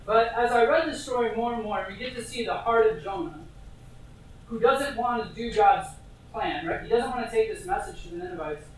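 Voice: mid-range voice, fairly quick. A preacher giving a casual, conversational sermon, full of fillers and asides to the congregation. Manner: chatty, with many fillers and asides to the audience. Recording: very echoey, distant, faint hiss.

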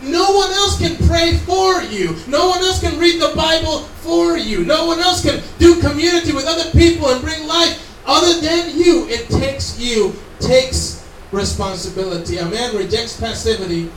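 A man's voice: very high voice, normal speed, a bit bright, slight background noise. A man preaching a sermon in an earnest, conversational way with asides to the congregation. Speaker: pastor. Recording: echoey room, mic from far off.

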